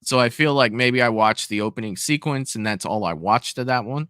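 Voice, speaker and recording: An easygoing man talks through a fan film, hedging with "you know" as he goes. His tone is bright and forward, and the recording is dry and close. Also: medium pitch, a little fast, clean tone, no room sound. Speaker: co-host reviewing fan films. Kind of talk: casual review chat.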